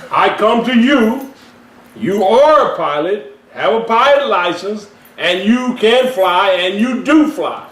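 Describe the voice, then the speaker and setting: A man preaching a sermon in church, telling a story in an animated way and laughing as he goes. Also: sits high. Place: church hall with congregation. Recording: echoey live church stream from far off. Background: congregation responding.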